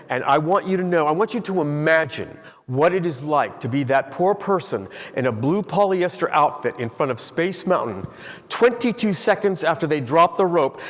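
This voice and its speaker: A middle-aged man giving a motivational keynote speech to a live audience in a large hall, telling an animated story and quizzing the crowd. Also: fairly high pitch. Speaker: keynote speaker. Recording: long hall reverb.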